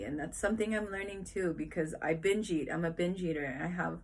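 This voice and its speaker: Young woman, mother vlogging, earnest rambling talk, slightly low pitch. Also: fairly quick, few pauses, slightly rough. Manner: earnest, rambling, with frequent restarts and quoted dialogue to her kids. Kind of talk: casual reflective talk to camera.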